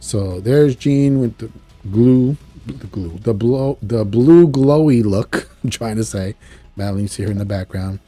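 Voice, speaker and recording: A man with a low, mellow and slightly husky voice recaps an episode in a loose, chatty way. He wanders between summary and brief acted-out lines, like casual fan talk. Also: unhurried, no room sound. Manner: chatty, retells scenes, acts out quotes. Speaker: show reviewer.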